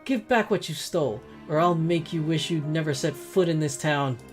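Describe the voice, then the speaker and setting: A woman's voice: low voice, normal speed, a little mellow, soft background music, natural voice. A woman voicing an arrogant male merchant who blusters and threatens. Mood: threatening.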